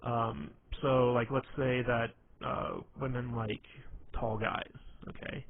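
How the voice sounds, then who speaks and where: A man's voice: medium pitch, little pitch movement, takes it slowly, gravelly, dry recording. A man giving casual dating advice in a rambling way, full of fillers and restarts. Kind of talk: casual instructional talk. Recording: tinny phone-like audio with faint noise.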